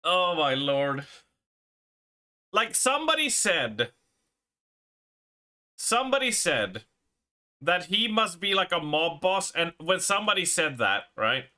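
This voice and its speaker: A man's voice: high-pitched, very animated, slow, long pauses, pushed and bright. A man streaming live and reacting casually to a video, often laughing.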